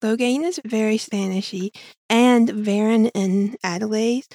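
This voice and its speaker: Woman co-host with fry, blunt and opinionated, dry close recording. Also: on the high side, measured pace, warm tone, no room sound. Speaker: podcast co-host. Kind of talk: casual chat.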